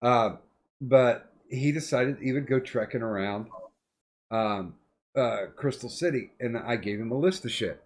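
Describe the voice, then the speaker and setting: Brief: middle-aged male host, mid-pitched, profane, rambling anecdotes in loose banter. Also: a little slow, darkish tone. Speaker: podcast host. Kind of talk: casual chat.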